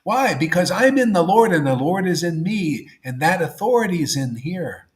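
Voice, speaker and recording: A man preaches a devotional talk in a lively, up-and-down voice that sits a little high. He talks casually, tossing in 'see' and 'man', and drops from loud emphasis to near-whispers. The room is echoey. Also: moderate pace. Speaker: spiritual teacher. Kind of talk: devotional sermon.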